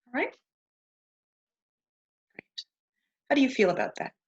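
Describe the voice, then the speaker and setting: A woman's voice: sits high, sing-song, measured pace, breathy edge. A woman teaching beginners, her voice rising and falling a lot as she models each phrase. She is patient and keeps asking the listener to repeat. The sound is dull and lo-fi. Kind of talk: beginner language lesson.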